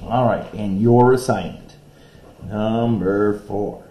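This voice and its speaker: A male teacher recording a lesson video, patiently explaining a poem step by step and reading its lines aloud slowly. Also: fairly low pitch, steady tone, lo-fi sound.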